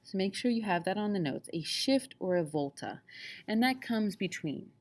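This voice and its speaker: A woman's voice: mid-range voice, lively intonation, moderate pace, a little mellow. A woman teaching a lesson on poetry in a casual, chatty way, often checking in with the class. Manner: casual, chatty, frequent "okay?" check-ins.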